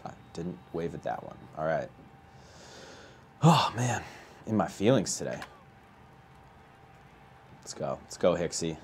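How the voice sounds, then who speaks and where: A man playing a baseball video game live, chatting with viewers and ranting with a voice that climbs high when he gets outraged. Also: very animated, slow pace, long pauses, a little hiss or hum. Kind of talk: live gameplay commentary and chat.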